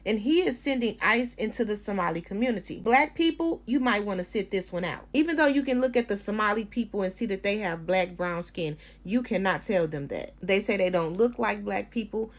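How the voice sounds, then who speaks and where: A woman giving blunt, outspoken opinion commentary with swearing. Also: medium pitch. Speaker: social media commentator.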